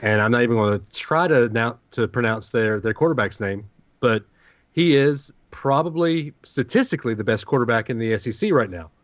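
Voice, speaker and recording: A man's voice: medium pitch, a little fast, no room sound, dull audio. Confident man breaking down football games. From Southern US. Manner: confident, analytical game predictions. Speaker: podcast co-host. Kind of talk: casual sports chat.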